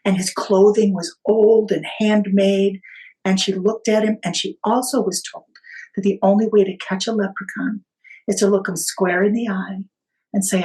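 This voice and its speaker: A woman guest on a podcast, telling a family story in an unhurried, vivid way. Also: mid-range voice, little pitch movement, warm tone, low-quality recording.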